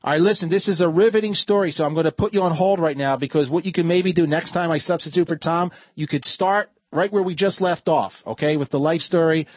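A man hosting a call-in talk radio show, earnest and quick to cut callers off. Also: a little high, no echo, dull audio. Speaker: guest radio show host.

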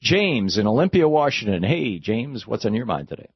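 Animated, stammering male radio host. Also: medium pitch, moderate pace, slightly rough, no room sound, muffled recording. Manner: animated, stammering restarts, mocking voices. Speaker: radio talk show host. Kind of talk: call-in radio talk.

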